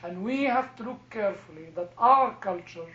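A man's voice: high voice, lively intonation, moderate pace, fairly bright tone. A man with a first language other than English, talking in a casual group discussion and often repeating words as he starts a thought. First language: not English. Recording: echoey room, dull lo-fi sound.

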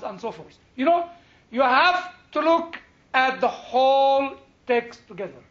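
The Bible lecturer here has a very high, fairly bright voice, animated yet a little slow, captured in a roomy, lo-fi recording. Before a live audience in a lecture room, he chats and digresses, chuckling and saying "you know" while asking his class questions.

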